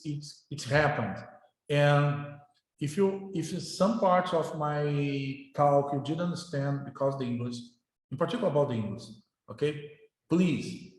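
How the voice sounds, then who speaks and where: A middle-aged male professor, speaking informally to his class in halting English, often repeating words. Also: fairly high pitch. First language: Portuguese. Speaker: university professor. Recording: very echoey room.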